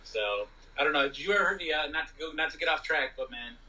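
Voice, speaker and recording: Rambling man, bright, set back from mic. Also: fairly high pitch, expressive, quick pace, recorded from a distance, rough recording. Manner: rambling, many "you know" fillers. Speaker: podcast co-host. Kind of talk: casual movie review chat.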